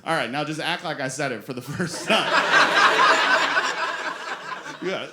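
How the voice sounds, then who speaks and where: A man's voice: on the high side, huge pitch swings, slow pace, pauses often, very noisy. A man in his forties performing a stand-up comedy set on a club stage, telling playful self-mocking stories. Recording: roomy club sound with crowd laughter.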